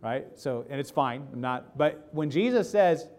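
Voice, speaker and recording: A man's voice: mid-range voice, expressive, a little slow, darkish tone. A man preaching a casual sermon, joking and putting questions to the congregation. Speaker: pastor. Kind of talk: conversational sermon.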